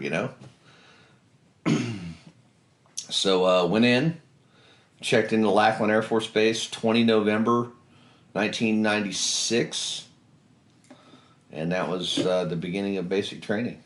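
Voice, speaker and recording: Deep-voiced Kentucky man telling war stories. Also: a little slow, long pauses. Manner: blunt, profane, swerves into animated impressions of others. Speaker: veteran interviewee. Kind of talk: casual storytelling interview. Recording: echoey room.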